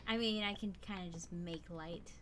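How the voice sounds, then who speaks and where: A woman's voice: fairly low pitch, normal speed, over music. A woman playing a game and chatting casually, laid-back, laughing often and repeating words for fun. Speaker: player and co-commentator. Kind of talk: casual gameplay commentary.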